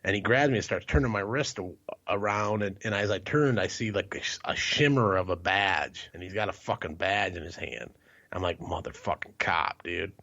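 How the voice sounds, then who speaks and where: A man with a somewhat low voice tells a rambling, profane story in casual podcast chat, laughing in between lines. The sound is muffled and lo-fi, as if from a cheap setup. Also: normal speed, a bit bright. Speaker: podcast co-host.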